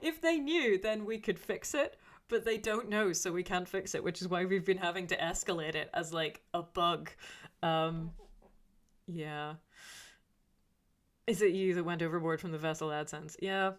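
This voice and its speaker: A woman's voice: lowish voice, steady tone, moderate pace. A woman streaming live in casual chat. She reads viewer comments aloud and rambles in answer, with many fillers and restarts. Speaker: YouTuber reading live chat.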